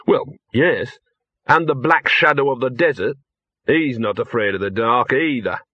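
A man's voice: medium pitch, unhurried, sharp tone, husky, no room sound, dull audio. A man playing a nervous, earnest young man. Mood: anxious. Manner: hesitant, nervous. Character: anxious, earnest young man, easily flustered.

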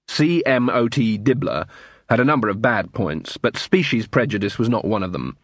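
Animated male audiobook narrator. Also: on the low side, moderate pace, dry recording. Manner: animated storytelling with many character voices.

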